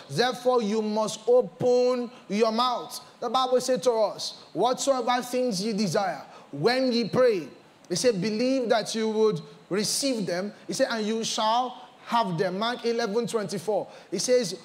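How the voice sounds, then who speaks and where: A pastor with a Nigerian English accent, preaching a sermon with lively storytelling and repetitions. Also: male voice, sits high, measured pace. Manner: animated storytelling with repetitions, mixing in pidgin. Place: church.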